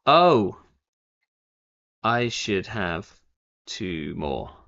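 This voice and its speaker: A man's voice: sits low, sing-song, very slow, gravelly, pushed and bright. A young man streaming a card game live, thinking aloud in a rambling way with lots of fillers and self-corrections. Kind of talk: casual live-stream commentary. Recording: dull, lo-fi stream audio.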